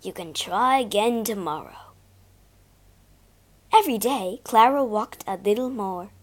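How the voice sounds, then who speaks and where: A woman reads a story aloud at a slow, careful pace for learners. Her voice is clear and expressive, a little high, with a lively, rising and falling delivery. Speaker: storybook reader.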